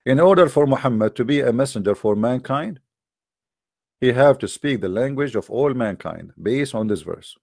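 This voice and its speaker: A man's voice: mid-range voice, expressive, moderate pace, vocal fry, darkish tone, no echo, clean studio sound. A man hosting a religious debate, talking in a mocking, emphatic way with a lot of repetition. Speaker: debate host. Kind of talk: argumentative religious debate talk.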